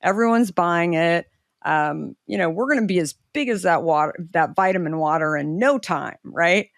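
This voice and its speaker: A woman's voice: moderate pace, no room sound, studio quality. A middle-aged woman, a guest entrepreneur, telling a story in casual conversation and acting out the people she quotes. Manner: animated, acts out quoted voices with pitch leaps.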